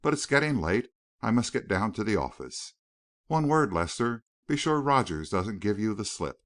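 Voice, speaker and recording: Male narrator voices an energetic reporter, brisk and eager, lowish. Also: dry recording, clean studio sound. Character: Godfrey, an energetic, tireless male newspaperman.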